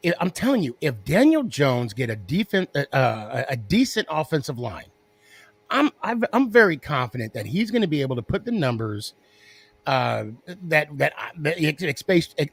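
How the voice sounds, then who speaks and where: A man with a fairly high voice hosts the show with excitement, stumbling over restarts as he builds his case. The sound is dry, with no room around it. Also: no echo. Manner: excitable, restarts and stammers when fired up. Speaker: podcast host. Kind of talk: casual sports chat.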